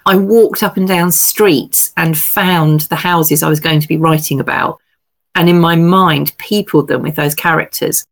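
A middle-aged woman from England, a novelist guest telling lively, self-deprecating stories in casual chat. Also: low-pitched, measured pace, vocal fry.

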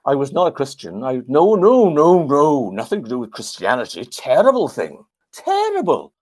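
A man's voice: a little high, wildly swooping pitch, normal speed, a little mellow, pitched above the performer's own voice. A man voicing a modest elderly Welsh male war veteran with a Welsh accent and an understated, matter-of-fact way of talking. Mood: earnest.

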